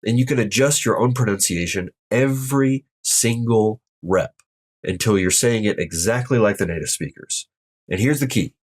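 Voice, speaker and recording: A man's voice: fairly low pitch, moderate pace. A man teaching an online language lesson, explaining tone rules step by step and demonstrating each sound aloud. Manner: upbeat, addresses viewers directly. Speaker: Mandarin tone teacher.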